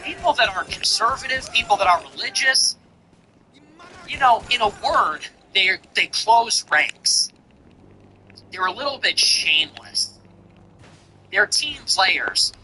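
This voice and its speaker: A man's voice: high-pitched, expressive, slow, pauses often, pushed and bright, slight background noise, low-quality recording. A man hosting his own show, delivering a commentary monologue in emphatic, repetitive declarations. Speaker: show host.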